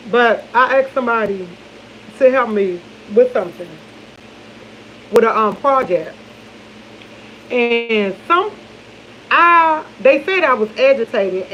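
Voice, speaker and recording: Over her morning coffee, a vlogger rambles to her viewers, calling them y'all, laughing and often losing her thread. Her voice sits on the high side and is a bit bright, though the audio is dull with a little hiss or hum.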